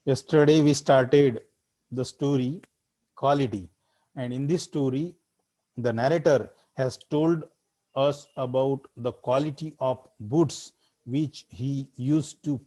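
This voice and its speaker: A man's voice: medium pitch, slow pace, dark tone. A man, teaching an English literature class and explaining a story line by line, with frequent fillers. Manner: reads the text aloud, then explains it line by line with frequent fillers.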